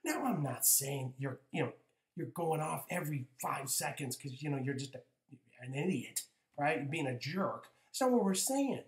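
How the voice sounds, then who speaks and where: A man's voice: fairly high pitch, lively intonation, moderate pace. Chatty man with a roomy echo. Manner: conversational, with frequent "right?" asides and restarts. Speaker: spiritual coach. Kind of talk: motivational spiritual talk. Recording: echoey room.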